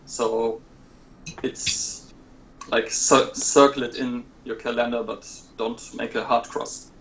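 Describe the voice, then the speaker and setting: A man talking in a casual podcast chat, measured and hesitant with frequent fillers, explaining plans for a keycap set. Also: medium pitch, little pitch movement, a bit bright, low-quality recording.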